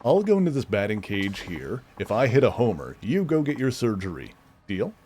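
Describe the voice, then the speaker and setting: A man reading game dialogue aloud as a calm, matter-of-fact tough guy. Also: fairly low pitch, moderate pace, a little hiss or hum. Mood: coaxing.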